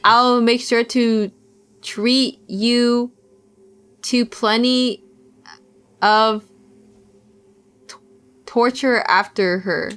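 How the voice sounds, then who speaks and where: A woman voicing a cruel older male scientist villain in a game, speaking slowly and condescendingly. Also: fairly high pitch, fairly even intonation, fairly bright tone, clean tone. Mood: smug. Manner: slow, condescending, mocking.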